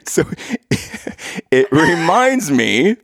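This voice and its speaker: A man's voice: a little high, big pitch swings, very slow, creaky, fairly bright tone, slightly rough, no room sound, studio quality. A man in his thirties telling a playful, teasing family story to his listeners. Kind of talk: casual storytelling to camera.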